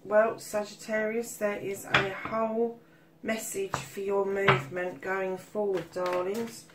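A woman's voice: mid-range voice, level tone, slow, very noisy. A woman giving a casual tarot reading, swearing freely and calling listeners darling. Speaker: tarot reader.

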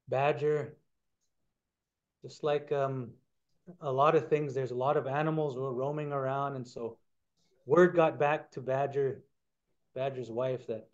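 A man retelling a traditional story during a lecture, relaxed and conversational, acting out the characters. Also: mid-range voice, highs cut off. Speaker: guest speaker.

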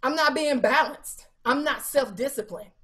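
Her voice high and her pace moderate, a woman evangelist gives an animated sermon to a Bible study group. She cites scripture, asks her audience rhetorical questions, and speaks casually and colloquially, using fillers.

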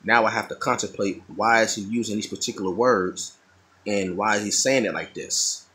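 A man's voice: on the low side, steady tone, normal speed, sharp tone, poor audio. A middle-aged man talking casually and thoughtfully, often repeating and restarting his phrases. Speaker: artist talking while drawing. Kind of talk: casual monologue.

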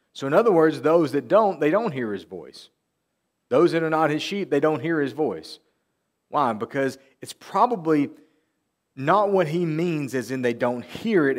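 Male pastor preaching, emphatic and repetitive, voice sitting a little high, slow on scripture quotes. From Tennessee. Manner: emphatic preaching, repeats key phrases, quotes scripture slowly. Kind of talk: sermon. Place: church sanctuary.

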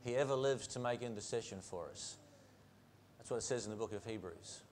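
A man's voice: mid-range voice, brisk, a little mellow, slight background noise. A male pastor preaching a sermon in a church, earnest, with repeated phrases and rhetorical questions. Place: church sanctuary.

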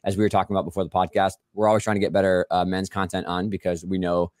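A man's voice: low voice, level tone, very fast, no echo, studio quality. An American man hosting a podcast, chatting casually and upbeat with a guest, with plenty of fillers and laughs. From United States. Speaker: podcast host.

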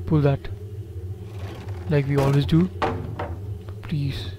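A man's voice: fairly high pitch, level tone, moderate pace, background noise. Jittery man nervously narrating a horror game. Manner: jittery, repeats himself, talks to viewers. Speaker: gameplay commentator.

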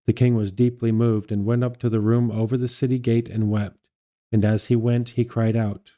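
A man reading scripture and a church father's discourse aloud as a liturgical reader, measured and steady, correcting himself now and then. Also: mid-range voice.

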